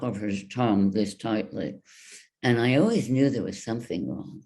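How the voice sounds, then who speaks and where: Guiding participants through exercises with demonstrations, she continues her virtual workshop from home at a deliberate pace. Her bass voice comes across as gravelly and mellow.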